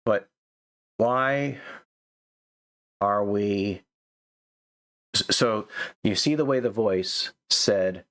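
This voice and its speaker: A man's voice: fairly low pitch, slow, pauses often, fairly bright tone. Stammering man critiquing writing. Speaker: host reviewing a manuscript. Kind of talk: casual commentary.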